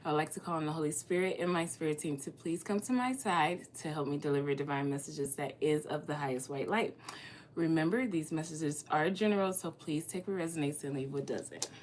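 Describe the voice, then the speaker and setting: A woman's voice: sits low, fairly quick, a little hiss or hum. A young woman giving a casual oracle card reading, talking in a chatty, rambling way with plenty of filler words. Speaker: tarot and oracle card reader. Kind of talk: casual spiritual reading to camera.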